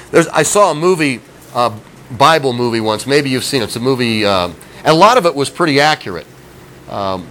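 A man's voice: a little high, fairly bright tone, low-quality recording. Folksy middle-aged male preacher. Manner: folksy, conversational, asks the listeners questions. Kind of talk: sermon. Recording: faint background noise.

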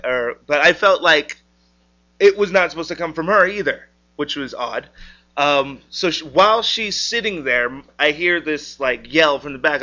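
A man's voice: on the high side, unhurried, pushed and bright. A young man sharing a personal testimony in a casual storytelling way, acting out the voices in his story. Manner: casual storytelling, acts out quotes. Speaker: church member sharing a testimony. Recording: dull lo-fi recording.

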